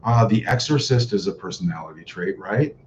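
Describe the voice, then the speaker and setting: A man's voice: on the low side, animated, fairly quick, a little mellow. A man hosting a casual livestream, reading viewer comments in a mocking, sarcastic way and chuckling often. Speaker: livestream host reading chat. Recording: dull lo-fi livestream audio with faint noise.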